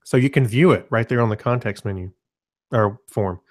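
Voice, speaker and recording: A man talks through a software demo in a relaxed, conversational way, often restarting his sentences. He keeps clearing his throat as he goes. His voice sits at an ordinary middle pitch for a man, heard through a computer mic on a web call. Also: normal speed. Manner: relaxed, loose, self-correcting explanations. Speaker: presenter. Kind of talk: casual software demo webinar.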